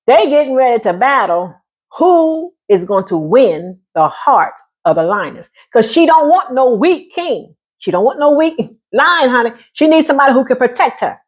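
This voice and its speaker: A woman talking casually to her viewers in a sassy manner, calling them honey and laughing often. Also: sits high. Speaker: vlogger giving relationship talk.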